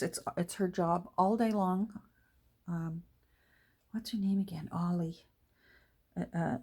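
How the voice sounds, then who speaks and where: Middle-aged woman, somewhat low voice, relaxed and chatty, talks to her craft supplies as she works. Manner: chatty and rambling, soft asides to her materials. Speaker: junk journal crafter and vlogger. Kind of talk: casual chat while crafting.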